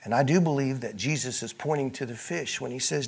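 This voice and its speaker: A male pastor preaching a sermon, moving between loud, emphatic passages and quiet, hushed ones, and voicing the people in the scripture he reads. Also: medium pitch, fairly quick, vocal fry, hardly any pauses, slightly rough. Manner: acts out speakers in the scripture he reads.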